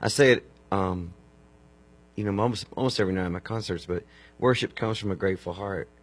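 A man's voice: low voice, fairly quick, slightly rough. A man, telling earnest stories as a guest and often restarting his phrases. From Texas. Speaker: worship musician guest. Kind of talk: casual storytelling.

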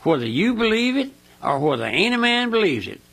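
A man's voice: high-pitched, big pitch swings, a little fast, a bit bright, slightly rough, no echo. An older man with a Mississippi Southern accent, preaching a folksy, fervent radio sermon that is full of "my friend" and "listen".

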